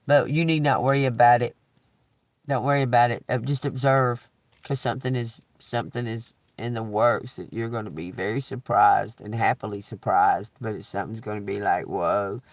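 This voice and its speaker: A man's voice: medium pitch, steady tone, normal speed, no echo. A man giving a tarot reading on a live stream, rambling and cursing freely, with frequent chuckles. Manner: rambling, profane, chuckles often. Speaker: tarot reader.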